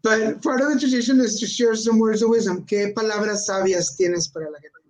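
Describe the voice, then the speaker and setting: Guy hosting a live video call, high voice, sarcastic jokey storyteller, slips into spanish now and then. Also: steady tone, fairly quick, rough recording. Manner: sarcastic, joking, switches into Spanish words. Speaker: host. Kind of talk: live-stream chat, storytelling.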